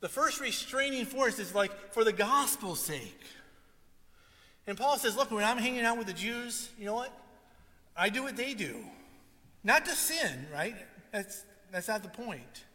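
A man's voice: sits high, measured pace. A male pastor preaching a sermon, telling stories and acting out what people said. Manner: animated storytelling, acts out quotes. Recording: long hall reverb.

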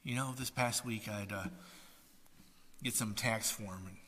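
A man preaching a sermon as pastor, impassioned, swinging between loud, raised passages and hushed, soft ones. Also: lowish voice, measured pace. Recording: long hall reverb.

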